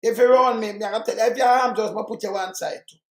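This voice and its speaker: A man's voice: high-pitched, fairly even intonation, fast talker, roomy sound. An older man with a Jamaican accent, talking in blunt, emphatic casual chat. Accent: Jamaican Patois.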